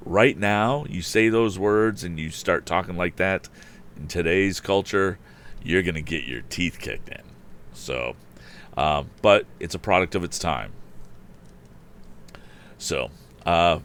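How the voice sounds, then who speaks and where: A man reading an old adventure novel aloud, narrating and jumping into excited character voices. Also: slow pace, pauses often. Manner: animated, jumps up in pitch for excited characters. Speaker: storyteller.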